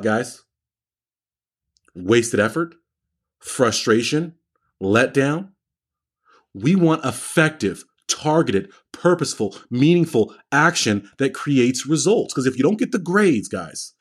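Husky-voiced male study coach. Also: mid-range voice, measured pace. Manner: energetic storytelling, acts out quoted voices. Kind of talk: livestream coaching talk.

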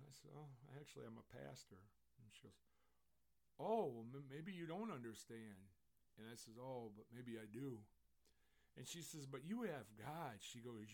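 Gravelly-voiced preaching pastor. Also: male voice, medium pitch. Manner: storytelling, building to fervent preaching. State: tearful. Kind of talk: sermon.

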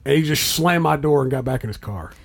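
Gravelly man telling a swearing story. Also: medium pitch, animated, fast. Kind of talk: casual chat.

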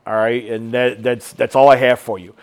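A man's voice: medium pitch, steady tone, normal speed, clear, resonant tone. A man co-hosting a casual podcast chat, heated and rambling, full of fillers and restarts. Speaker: podcast co-host.

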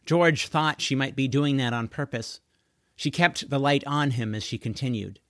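Storybook narrator, male, gravelly texture, expressive measured delivery. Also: mid-range voice, no echo, clean studio sound. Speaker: audiobook narrator. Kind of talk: storybook reading.

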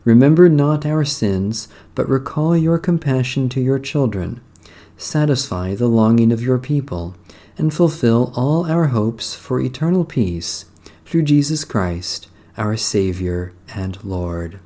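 A man reading psalms, prayers and a gospel passage in a measured, solemn, devotional cadence. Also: medium pitch, lively intonation, dark tone. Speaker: prayer reader. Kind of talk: liturgical reading of psalms and scripture.

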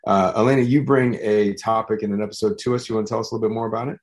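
A man's voice: fairly low pitch, steady tone, a little mellow. A young man hosting a podcast, introducing the episode in a loose, casual way. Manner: quick, loose talk with fillers. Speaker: podcast host.

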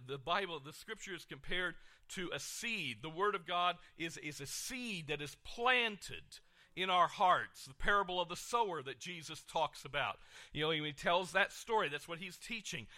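Middle-aged male preacher, bright and somewhat high, animated sermon delivery. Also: measured pace. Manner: animated preaching, swings from soft to loud, repeats words. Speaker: pastor.

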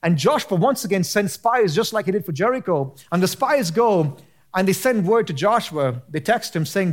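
A man preaching a sermon as a pastor, impassioned and rising to near shouting, with casual slang mixed into his preaching. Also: high voice, expressive, normal speed. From United States.

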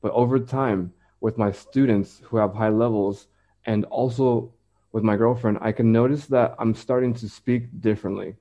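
A man, an English teacher, talking in a relaxed, measured way in a casual podcast conversation. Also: medium pitch, muffled recording.

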